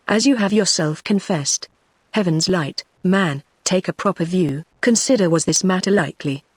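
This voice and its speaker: A woman's voice: lowish voice, no echo, lightly acted. A text-to-speech voice with a British English accent and a woman's sound, reading the lines of a proud, wronged nobleman, a man pleading and defiant in turn. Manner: even synthetic reading.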